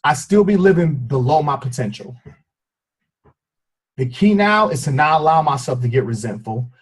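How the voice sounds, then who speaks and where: Husky-voiced man giving an emotional motivational talk. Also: on the high side, expressive, moderate pace, rough recording. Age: adult with a child. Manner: emotional, preacher-like, addresses listeners as y'all. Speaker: fitness coach. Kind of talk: motivational team call talk.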